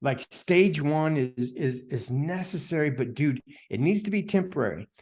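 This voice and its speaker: A man guest on a podcast, telling a story in a casual, animated way, full of "dude," "man" and "like," and acting out the voices of the people in it. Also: normal speed. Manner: animated, heavy filler words, "dude" and "man"; acts out quoted voices with big pitch jumps. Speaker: podcast guest, energy healer.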